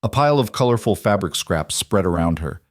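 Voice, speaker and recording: Man, story narrator, low voice, measured reading, dry close mic. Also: animated, dry recording.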